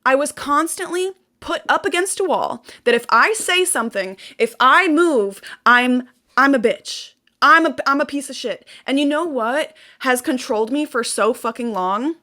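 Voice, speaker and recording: Intense young woman venting, high voice. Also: expressive, pushed and bright. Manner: intense, fast-talking, swearing, repeating phrases for emphasis. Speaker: vlogger. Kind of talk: emotional venting monologue to camera.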